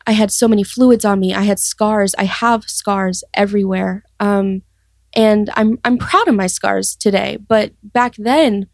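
Young woman guest telling a personal story; earnest, reflective, halting, middle pitch, dry close mic. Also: steady tone, vocal fry, dry recording. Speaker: guest sharing testimony. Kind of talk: personal testimony interview.

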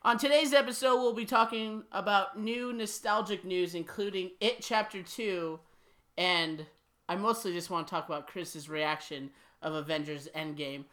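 A man's voice: high-pitched, fairly even intonation, sharp tone. A man hosting a podcast, chatting casually and teasing his co-host. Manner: teasing, quick to laugh. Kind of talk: casual chat.

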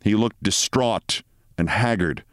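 A man hosting a show, reading a short story aloud in measured, dramatic narration. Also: fairly low pitch, no room sound, clean studio sound.

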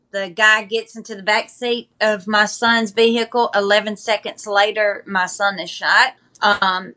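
Bright-voiced woman, halting and measured. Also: mid-range voice. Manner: halting, measured retelling with many pauses and fillers. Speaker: podcast guest. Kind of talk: conversational interview.

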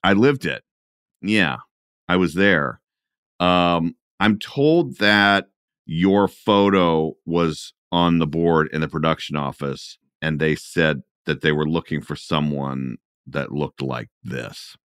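A man hosting a podcast interview, calmly recounting a memory of his own. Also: rumbling low, slow pace, smooth, no room sound, studio quality. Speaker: podcast host. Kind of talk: casual interview conversation.

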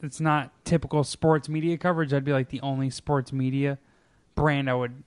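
A man's voice: mid-range voice, flat delivery, moderate pace, darkish tone, smooth, no room sound. A man co-hosting a casual podcast, talking loosely with frequent restarts and swearing. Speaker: podcast co-host. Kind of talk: casual chat.

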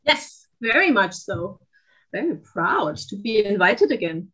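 A woman with a German accent, a German native speaker, chatting as a podcast guest and telling a story in an animated way with frequent laughs. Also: medium pitch, a little slow, husky, low-quality recording. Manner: animated, laughs often, exclaims. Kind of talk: casual chat, storytelling.

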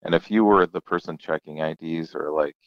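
A man's voice: very deep voice, a little fast, dry recording, dull audio. A young adult man, a comedian guest, telling stories in a casual, laid-back chat and acting out the people in them. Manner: laid-back storyteller, acts out quoted voices.

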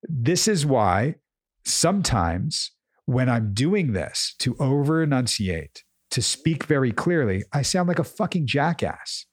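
A man's voice: mid-range voice, very animated, takes it slowly, no room sound. A man co-hosting a casual chat, explaining his coaching approach emphatically and often repeating words as he thinks. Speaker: podcast co-host, coach.

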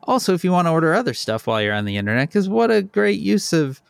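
A man hosting a podcast in casual chat, joking and animated. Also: on the high side, fast talker, creaky, smooth, dry recording. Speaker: podcast host.

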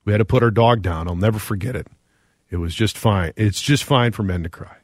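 A middle-aged man hosting a radio talk show, reading listener texts aloud in an earnest, reflective way with frequent pauses. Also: fairly low pitch, no room sound, clean studio sound.

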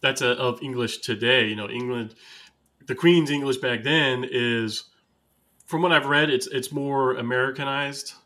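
A man's voice: medium pitch, steady tone, unhurried, sharp tone. A man from the United States hosting a podcast, chatting casually and telling anecdotes with easy laughs. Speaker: podcast host.

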